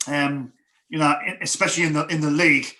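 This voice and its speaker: A man's voice: on the high side, fairly even intonation, quick pace, pushed and bright. A man co-hosting a casual fan football stream, rambling through match talk with many restarts. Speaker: fan co-host.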